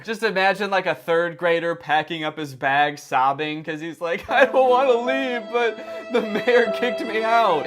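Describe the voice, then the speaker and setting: A young man giving sarcastic comedic commentary on online videos with deadpan asides. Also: a little high. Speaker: commentary youtuber.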